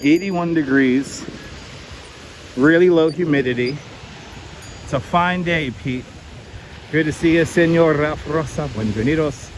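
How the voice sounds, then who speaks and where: A man chats through a live walk along the beach, slightly out of breath as he keeps up a quick stride. His voice sits a little high. A wireless clip-on mic catches it clearly, with steady wind noise behind. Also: rough recording. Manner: chatty, greets viewers by name. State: a little out of breath from walking fast. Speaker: livestream host. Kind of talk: live walking stream, greeting chat. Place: outdoors on a windy beach.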